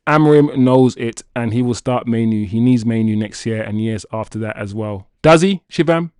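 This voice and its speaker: Guy streaming footy chat, playful and animated, dry close mic. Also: fairly low pitch, normal speed, smooth, no room sound. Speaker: football channel host reading chat. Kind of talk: casual livestream chat.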